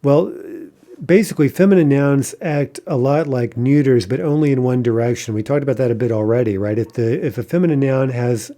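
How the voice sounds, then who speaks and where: A middle-aged male teacher walks through a recorded grammar lesson, his voice mellow and warm. He explains patiently and slows down to pronounce each example word. He keeps checking in with a quick "right?". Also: mid-range voice. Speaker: language teacher.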